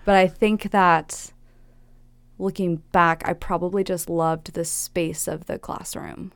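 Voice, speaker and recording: Gravelly young woman telling her story. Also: lowish voice, fairly even intonation, no echo. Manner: candid, reflective, with quick laughs and acted-out quotes. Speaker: interviewee. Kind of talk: personal life-story interview.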